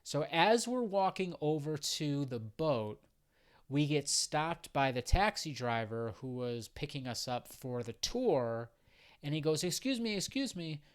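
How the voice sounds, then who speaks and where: A man's voice: on the high side, slow, clear, resonant tone. A young man casually telling a travel story, swearing freely and rambling with lots of fillers. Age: young adult. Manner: profane, rambling, frequent fillers. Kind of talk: casual anecdote.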